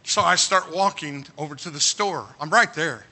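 Bright high-voiced preacher. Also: male voice, moderate pace. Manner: animated, comic, bursts into shouts. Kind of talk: humorous storytelling sermon.

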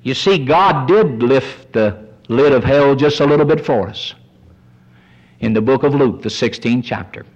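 A man preaching a sermon, his pitch rising as he voices the cries of sinners. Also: a little slow, dull audio.

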